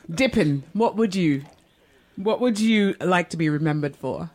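A woman's voice: medium pitch, a little slow. Woman hosting a talk show. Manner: encouraging, asks questions. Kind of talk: radio interview.

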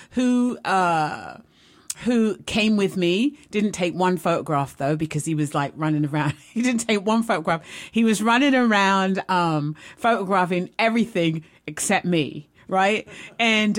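A woman hosting a live video, telling a rambling, excitable story in a casual way and often checking in with "right?". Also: mid-range voice.

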